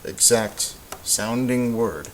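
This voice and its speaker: A man teaching a recorded Spanish grammar lesson, explaining in a relaxed way with lots of ums and uhs. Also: mid-range voice, takes it slowly, poor audio. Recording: faint hiss.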